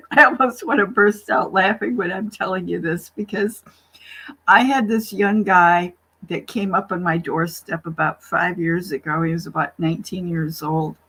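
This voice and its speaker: A woman's voice: fairly low pitch, unhurried, a bit bright, breathy edge, rough recording. A middle-aged woman from the US Gulf Coast telling a story in a casual group chat, breaking into laughter often. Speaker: participant in an online group chat.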